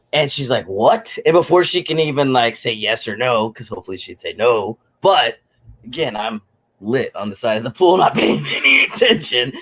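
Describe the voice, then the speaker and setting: A man's voice: fairly low pitch, fairly bright tone. A man in his forties spins a rambling story in loose, casual chat. He jokes freely and pokes fun at himself, talking over a video call. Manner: rambling, jokey, self-deprecating. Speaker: guest on a live stream.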